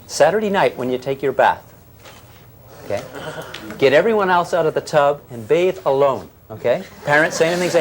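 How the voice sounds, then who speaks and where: Lively older man teaching a physics class. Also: a little high, fairly quick. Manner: lively, teasing, asks the class questions. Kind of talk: classroom lecture.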